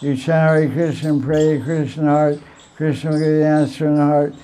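A man teaching a devotional class, retelling stories in an animated way, repeating phrases and laughing now and then. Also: a little high, fairly quick, a little hiss or hum. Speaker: spiritual teacher.

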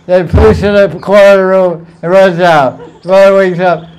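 A man's voice: high voice, fairly even intonation, unhurried, a little hiss or hum. A man giving an informal spiritual talk, telling stories with playful asides and frequent chuckles. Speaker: spiritual teacher.

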